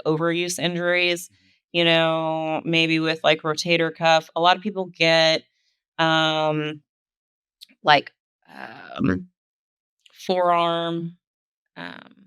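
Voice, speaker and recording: Bright, crisp-voiced woman telling stories. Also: on the low side, steady tone, takes it slowly, pauses often, no echo. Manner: laid-back storytelling with many fillers. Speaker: guest, kettlebell sport athlete. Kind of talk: casual podcast conversation.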